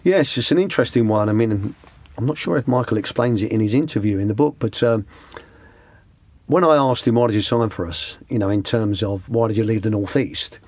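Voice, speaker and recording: A man's voice: fairly low pitch, fairly quick, a little mellow, dry recording. Man, middle-aged, anecdotal interview guest, dry close sound. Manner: rambling, restarts, slips into quoted voices. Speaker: former youth coach, interview guest. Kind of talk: conversational anecdotes.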